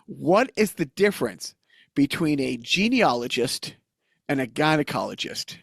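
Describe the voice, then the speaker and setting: A man with a speech impediment hosting a casual podcast, animated and laughing at his own jokes. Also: on the high side, a little slow, gravelly, no room sound, clean studio sound. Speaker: podcast host, comedian.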